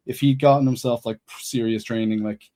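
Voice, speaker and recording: A man guesting on a casual podcast, telling old work stories in a loose, rambling way. His voice sits at a middle pitch, and he leans on "like" and "you know" as he talks. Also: steady tone, fairly quick, dark tone. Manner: rambling, heavy on "like", swearing. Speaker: podcast guest, former bouncer. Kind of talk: casual storytelling chat.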